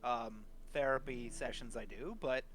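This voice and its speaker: A man voicing a gentle, kindly male bear-formed humanoid in a tabletop game, rambling a little. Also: mid-range voice, unhurried, soft background music, close to an everyday voice.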